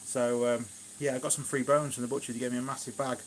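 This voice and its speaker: A man with a Shropshire English accent chats in a loose, rambling way, full of fillers and side remarks. He sounds relaxed and homely, talking to viewers from his kitchen on a casual live stream. His voice sits at an ordinary middle pitch. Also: quick pace, a little hiss or hum. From England, Shropshire. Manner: rambling, chatty, many fillers and asides. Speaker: gardening vlogger, live streamer.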